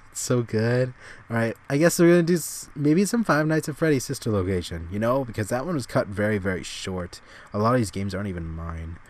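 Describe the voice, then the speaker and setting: A man hosting a gaming channel, giving rambling casual commentary with sudden excited outbursts at the game. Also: on the low side.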